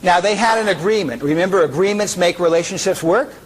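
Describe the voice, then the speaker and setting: This keynote speaker's voice sits high and moves a little fast, recorded with poor audio and slight background noise. He keeps things lively with jokes and calls audience members up to enact a story.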